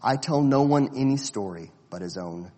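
Man doing a solemn lion spirit, deep and slow, breathy, long reverb. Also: lively intonation, mellow, lightly acted. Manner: slow, grave and low. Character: vast deep-voiced lion spirit, calm, solemn, ageless.

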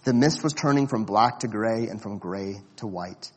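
A man reading a storybook aloud in a measured, expressive way. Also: lowish voice, long reverb tail. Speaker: narrator.

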